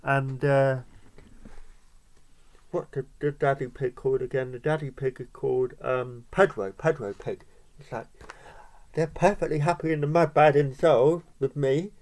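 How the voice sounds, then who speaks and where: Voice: medium pitch, unhurried, a little mellow. A parent reading a picture book aloud to a child, breaking off for chatty asides and little laughs.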